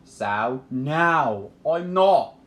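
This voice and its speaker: A man doing a shrill, indignant teen princess. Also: wildly swooping pitch, drawn-out words, darkish tone, heavily acted. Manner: shrill, exasperated. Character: indignant fourteen-year-old princess girl.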